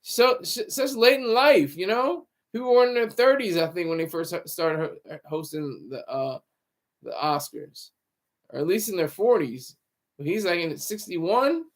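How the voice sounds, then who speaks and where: A man's voice: sits high, lively intonation, unhurried. A man livestreaming casual commentary in a rambling, sarcastic way. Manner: rambling and sarcastic, with frequent restarts.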